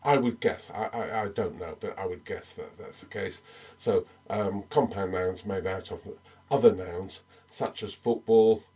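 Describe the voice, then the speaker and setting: Slow, hesitant male English teacher. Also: low-pitched, mellow, slightly rough, dull audio. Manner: slow, hesitant, many ums and restarts. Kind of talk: recorded English lesson.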